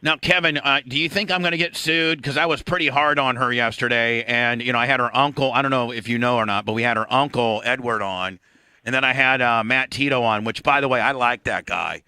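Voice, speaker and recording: A man's voice: mid-range voice, fairly even intonation, fairly quick, bright, forceful tone, smooth, dry recording. A man hosting a morning radio show, talking in a brash, rambling way and cutting in often. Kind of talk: casual radio talk.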